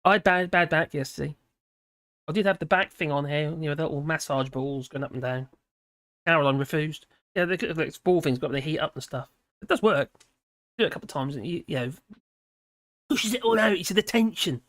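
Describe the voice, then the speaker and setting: A woman's voice: deep voice, fairly quick, pauses often, no echo. A British woman hosting a live stream, talking casually and wandering off topic, mixing scripted commentary with chatty asides. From United Kingdom. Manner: digressive and chatty, laughs often, reads chat messages aloud. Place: room at home with a model airplane hanging behind.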